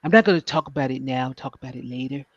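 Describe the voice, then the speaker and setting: A man's voice: mid-range voice, quick pace, natural voice. A man doing a comedic impression of an evasive, boastful former president who rambles and dodges questions. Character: boastful evasive male ex-president, middle-aged. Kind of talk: comedic political impression on a livestream. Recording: dry, dull lo-fi stream audio.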